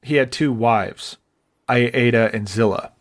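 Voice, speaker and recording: Guy cohosting a podcast, mid pitch, rambly, keeps restarting his sentences. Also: slow pace. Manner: rambling, thinks aloud with restarts, puts on goofy voices. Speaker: podcast co-host. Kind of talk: casual chat.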